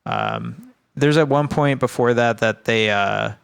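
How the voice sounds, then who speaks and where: Smooth-voiced casual male podcast host. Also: mid-range voice, huge pitch swings, a little slow. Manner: profane, rambling, laid-back. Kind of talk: casual chat recapping a film.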